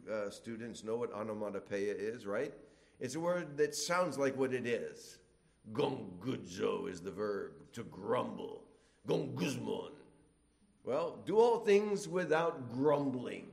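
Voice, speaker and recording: A middle-aged man preaching a sermon, animated, acting out complainers in whiny voices. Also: medium pitch.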